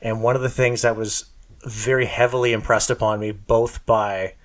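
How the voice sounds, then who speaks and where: A man's voice: medium pitch, little pitch movement, moderate pace. A man co-hosting a car podcast, chatting casually with lots of fillers and a self-deprecating humor. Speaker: podcast co-host.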